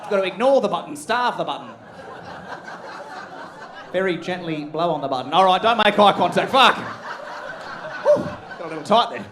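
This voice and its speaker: A man's voice: high voice, lively intonation, moderate pace, long pauses, fairly bright tone, slight background noise. Australian man hosting a comedy stage. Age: 30s. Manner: crude, punchy, addressing the crowd directly. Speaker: comedy show host. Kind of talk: live stand-up comedy. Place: comedy club stage with laughing audience.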